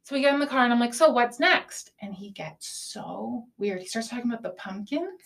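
A woman's voice: a little high, fairly quick, creaky. A young woman hosting a podcast, candidly telling a dating story in casual chat, saying "like" often and swearing freely. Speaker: podcast host.

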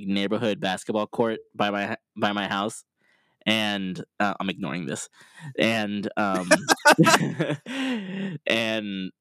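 A man with a voice a little lower than most men's, bantering on a podcast. He laughs often and jumps in with quick, playful asides, and the recording is dry and close. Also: fairly bright tone, no room sound. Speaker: podcast co-host. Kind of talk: casual chat.

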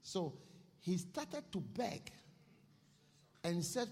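A man preaching a sermon, telling a story in an animated way at a church service. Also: high-pitched, takes it slowly, pauses often. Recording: echoey hall.

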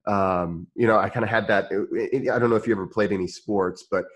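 A man's voice: on the low side, steady tone, fairly quick. A man from Indiana with a rural Midwestern American accent, hosting a podcast interview in a rambling, easygoing way full of restarts and fillers. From Indiana, United States. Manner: rambling, many restarts and fillers, laughs easily. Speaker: podcast host. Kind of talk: casual interview chat.

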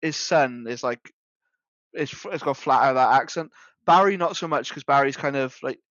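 A man's voice: medium pitch, moderate pace, fairly bright tone, no echo. Rambling British man, dull dry sound. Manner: rambling, lots of fillers and restarts. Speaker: podcast co-host. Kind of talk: casual chat.

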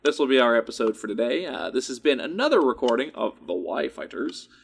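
A man's voice: medium pitch, a little fast, vocal fry, slight background noise. A young man co-hosting a casual podcast, telling stories with lots of swearing and acted-out quotes. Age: young adult. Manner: animated storyteller, swears freely, acts out quotes. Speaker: podcast co-host.

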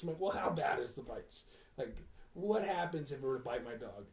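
A man's voice: mid-range voice, lively intonation, fairly quick, roomy sound. A man telling a long story in casual podcast chat, swearing and acting out what people said. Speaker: podcast host.

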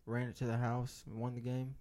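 A man's voice: mid-range voice, completely flat delivery, normal speed, dark tone. A young man telling a rambling story in a casual podcast chat, laughing and acting out the voices of other people.

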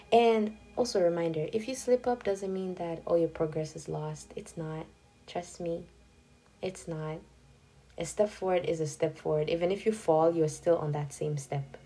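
Husky low-voiced young woman podcaster. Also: dark tone. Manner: candid and confessional, chatty. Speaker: podcast host. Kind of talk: casual solo podcast talk. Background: faint background music.

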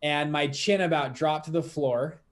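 A young man in his twenties, a podcast guest telling his story in a lively, quick, laughing way. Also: fairly high pitch. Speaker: podcast guest, fund manager. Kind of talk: casual storytelling interview.

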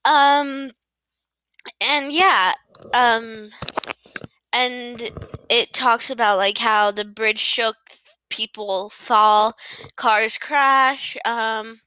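Giggly, bright-voiced woman. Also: a little high, fairly even intonation, drawn-out words, pauses often, clear, resonant tone, no room sound. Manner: giggly, self-deprecating, apologetic. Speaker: podcast host recapping a novel. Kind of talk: casual rambling book recap.

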